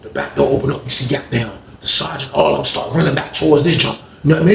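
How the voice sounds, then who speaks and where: A man telling a story in an animated, profane way, acting out the voices of the people in it, recorded in an echoey room. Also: a little high, rapid-fire, vocal fry, few pauses.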